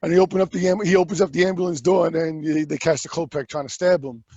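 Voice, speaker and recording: A man co-hosting a movie podcast in casual chat, animated, acting out scenes in voices and swearing casually. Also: a little high, quick pace, dull audio. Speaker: podcast host.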